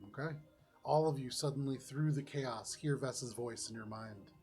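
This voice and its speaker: A man narrating as game master of a tabletop role-playing game, describing the action in a relaxed, chatty way. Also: mid-range voice, normal speed, husky, faint music behind.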